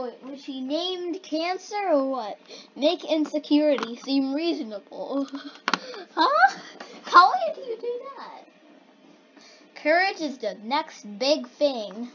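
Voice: high-pitched, sing-song, slow pace, fairly bright tone. A young kid casually reading odd quotes aloud and then puzzling over them, sounding bemused and giggly. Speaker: video maker reacting to generated quotes. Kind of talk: casual reaction commentary. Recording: dull lo-fi home recording with faint hiss.

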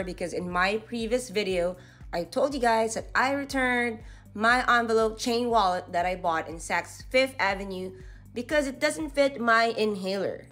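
A woman's voice: mid-range voice, a bit bright. A woman vlogger giving casual shop-along narration inside a retail store, chatting about the items as she browses. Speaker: vlogger host.

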